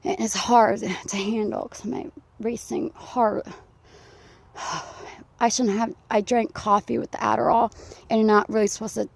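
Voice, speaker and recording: A woman out of breath, rambling and confessional as she vlogs while walking outdoors in a quiet neighborhood. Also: on the high side, flat delivery, measured pace, vocal fry, no room sound. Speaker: vlogger. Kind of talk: casual vlog while walking. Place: outdoors, quiet residential community. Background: faint dog and insects.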